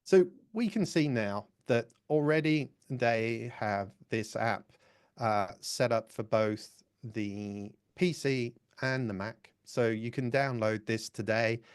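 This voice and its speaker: A man's voice: medium pitch, slow, clean tone. Casual man presenting a webinar. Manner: casual, explaining step by step. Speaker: workshop presenter. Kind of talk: live webinar demonstration.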